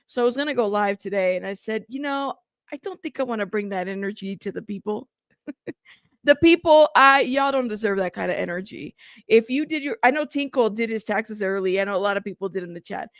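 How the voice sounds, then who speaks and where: Uma mulher apresentando uma live casual, conversando com o chat de forma tagarela, recomeçando frases, cansada e frustrada. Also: female voice, fairly high pitch, lively intonation, fairly quick, no echo, clean studio sound. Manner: chatty, greets chat by name, rambling restarts. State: tired and frustrated. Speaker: livestream host.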